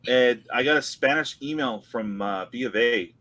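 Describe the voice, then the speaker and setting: A young man hosting a casual live stream chat, animated and laughing often. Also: mid-range voice, moderate pace. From California. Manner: animated, laughs often, drinks and toasts viewers. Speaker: host.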